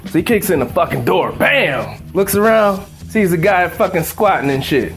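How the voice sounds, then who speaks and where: A man's voice: high voice, big pitch swings, normal speed, few pauses, fairly bright tone, faint music behind. A man hosting a casual home cooking demo, swearing freely and rambling into a joke while he cooks at the stove. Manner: profane, laid-back, rambling storyteller. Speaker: cooking show host.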